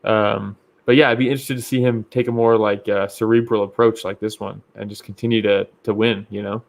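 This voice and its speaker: A man's voice: lowish voice, little pitch movement, a little fast, vocal fry. Profane laughing man talking fights. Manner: loose, profane, laughs often. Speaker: podcast co-host. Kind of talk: casual fight-talk podcast.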